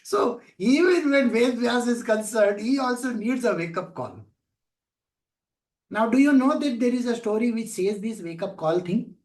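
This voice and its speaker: A high-pitched man teaching a scripture class, telling a story with animated acted-out voices. He keeps asking his listeners questions. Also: moderate pace. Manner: animated storytelling, acting out voices of people and gods. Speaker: spiritual teacher.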